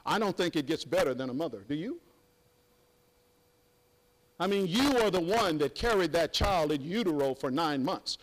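Older male preacher, high-pitched, emphatic folksy sermon delivery. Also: lively intonation, normal speed, pauses often, poor audio.

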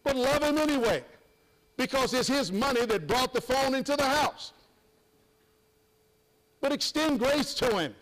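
A man's voice: extremely high pitch, animated, measured pace, pauses often, fairly bright tone, rough recording. An older man preaching a sermon, folksy and emphatic, with sudden exclamations.

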